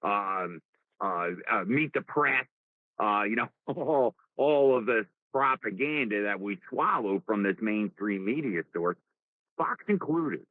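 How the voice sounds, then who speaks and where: A man's voice: fairly low pitch, slow pace, dry recording. Fired-up New Jersey man on a tinny line. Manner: animated, rambling, repeats words. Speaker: talk show host. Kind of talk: casual political talk. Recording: dry tinny phone-like sound.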